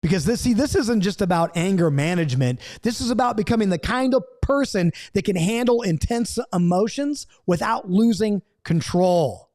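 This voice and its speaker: A middle-aged man leads a recorded Bible study lesson in an earnest, coaching manner, driving his points home through repetition. His voice sits noticeably high for a man. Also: lively intonation, moderate pace, few pauses, darkish tone.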